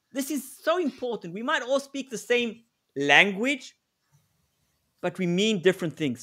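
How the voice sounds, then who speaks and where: A man co-presenting a live webinar, telling stories in an animated way and laughing often. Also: high voice. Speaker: co-presenter, negotiation expert.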